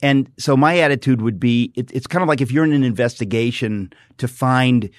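A middle-aged man talks in a studio with fervent, emphatic conviction, circling back and repeating phrases as he builds his point. His voice sits at an ordinary pitch for a man. The room sound is dry and close. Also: brisk, no echo. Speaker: guest author and radio host. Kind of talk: impassioned studio conversation. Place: radio studio.

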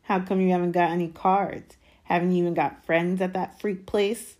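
A man's voice: sits high, flat delivery, normal speed, a little mellow, natural voice. A woman reading aloud and voicing a spoiled, jeering boy bully who turns whiny and panicky. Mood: sneering.

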